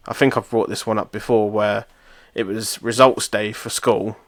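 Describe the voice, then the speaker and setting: A man's voice: lowish voice, a bit bright, dry recording. Dry-recorded man telling stories. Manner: swearing, self-mocking storyteller. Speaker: podcast co-host. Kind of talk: casual chat.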